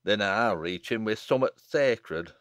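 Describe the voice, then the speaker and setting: A man's voice: on the low side, lively intonation, unhurried, fairly bright tone, dry recording, studio quality. A man voicing a blunt rustic young man, speaking in a challenging way.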